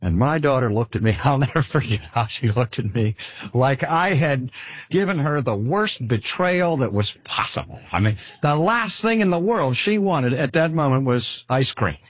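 A husky-voiced older man delivers an earnest sermon. His pitch swings widely as he presses each point, and he draws the important phrases out slowly. The sound is close and dry. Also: lively intonation, dry recording. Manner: earnest, slowing down to stress key phrases. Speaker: preacher.

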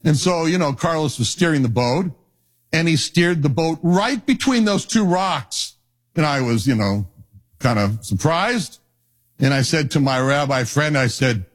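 An older man giving a sermon as pastor, telling folksy personal stories with an animated, conversational delivery. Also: fairly high pitch, measured pace. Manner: storytelling, animated, folksy asides.

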